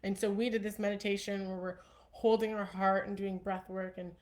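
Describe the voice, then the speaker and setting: A woman's voice: medium pitch, level tone, a little fast, a little mellow. A young woman hosting a casual self-help talk to her viewers, earnest and upbeat, with frequent likes and ums. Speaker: host.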